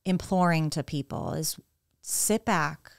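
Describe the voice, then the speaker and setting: Deep-voiced woman podcast co-host. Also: slow pace, vocal fry, no room sound, studio quality. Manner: earnest, animated storytelling with repeated words. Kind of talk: candid conversational podcast talk.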